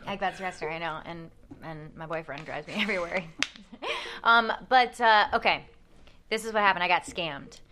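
Bright, lively young woman storyteller. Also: fairly low pitch, moderate pace. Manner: animated storyteller, acts out voices, many fillers. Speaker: podcast guest telling a story. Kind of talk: casual chat.

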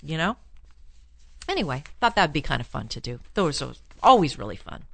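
A woman hosting an advice show as a relationship therapist, answering listener letters in a chatty, animated way and laughing often. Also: sits low, moderate pace, vocal fry, no echo. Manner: chatty and animated, laughs often, plays up lines with mock exclamations.

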